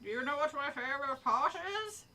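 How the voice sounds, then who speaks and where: Figure: a friendly green blob monster, as a woman reads it. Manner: chummy and enthusiastic. Sound: high and bright. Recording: a little distant from the mic. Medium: storybook reading. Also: steady tone, brisk.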